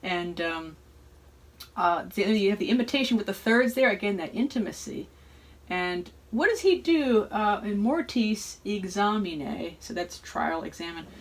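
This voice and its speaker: Her mid-range voice is animated yet measured in pace as this woman, a music educator, reflects aloud during an informal analysis lesson, pausing hesitantly and asking "right?" frequently. Loud choral and organ music runs under the rough recording.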